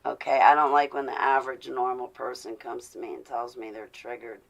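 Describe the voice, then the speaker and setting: Gravelly-voiced woman venting to viewers. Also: a bass voice, flat delivery, brisk, poor audio. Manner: intense, confessional, rising to indignant. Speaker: vlogger speaking to live viewers. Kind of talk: casual live-stream talk.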